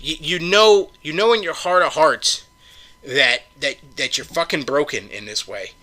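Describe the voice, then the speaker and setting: A man on his own podcast delivers a profane, mocking rant, jabbing at listeners with sarcastic rhetorical questions. His voice sits a bit high and rings hard and sharp, with a tense, forceful edge on every line. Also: measured pace. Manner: profane, sarcastic, heated ranting. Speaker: podcast host. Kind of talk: solo political rant.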